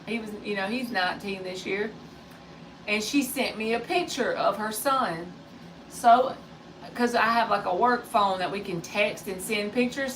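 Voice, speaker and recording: On a live stream, a tarot reader in her forties chats playfully and repeats remarks from a person off-mic. Her slightly high, somewhat bright voice is recorded roughly from a distance, a bit off-mic, with faint background noise.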